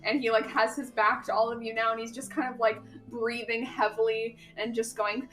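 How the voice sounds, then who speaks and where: A woman narrating as game master of a tabletop game, unhurried with many fillers. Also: a little high, flat delivery, a bit bright, far from the mic, faint music behind.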